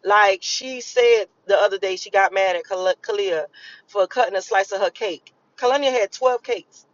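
A woman's voice: medium pitch, normal speed, dull audio. A woman talking casually and emphatically to camera, rambling and repeating herself and swearing freely as she explains a spiritual reading. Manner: rambling, emphatic and profane, with repetitions. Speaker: vlogger giving a spiritual channeling reading. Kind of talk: casual spoken monologue.

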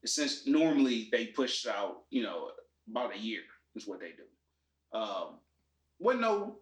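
A man in casual chat about movies and shows, explaining his views in a relaxed way with many fillers. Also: on the low side, measured pace. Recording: echoey room.

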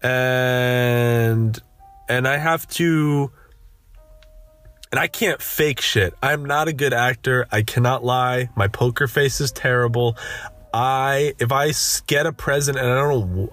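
A young man hosting a solo podcast, ranting in a sardonic, deadpan way full of profanity and restarts. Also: medium pitch, slow. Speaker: podcast host. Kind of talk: rambling solo podcast monologue.

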